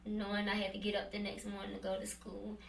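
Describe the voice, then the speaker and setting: A woman's voice: medium pitch, fast, gravelly, slight background noise. A woman in her twenties, a guest on a talk show, giving a personal testimony and animatedly acting out what she and others said. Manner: animated storytelling, acting out her own past words.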